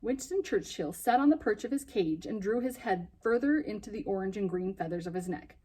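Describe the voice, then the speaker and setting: A woman reading a children's novel aloud in a lively, expressive way, with a husky voice. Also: mid-range voice, brisk.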